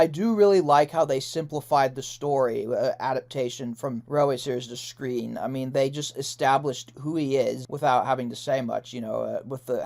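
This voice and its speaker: A man's voice: medium pitch, vocal fry, a little mellow. A young man hosting a casual commentary video, chatting loosely with frequent laughs, fillers and self-corrections as he ranks characters. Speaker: YouTube host ranking characters.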